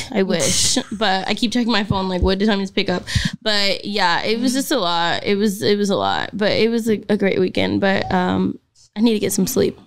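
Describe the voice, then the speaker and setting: A woman in her thirties co-hosting a podcast, telling a story in a casual, animated way. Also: medium pitch, normal speed. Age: 30s. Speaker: podcast co-host. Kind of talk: casual chat.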